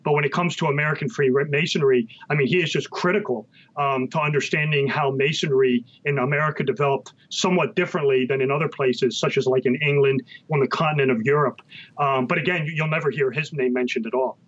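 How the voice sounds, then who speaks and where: A man answering interview questions as a guest author, halting and full of ums and restarts. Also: mid-range voice, fairly even intonation, fairly bright tone. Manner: hesitant, many ums and restarts. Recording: muffled lo-fi sound.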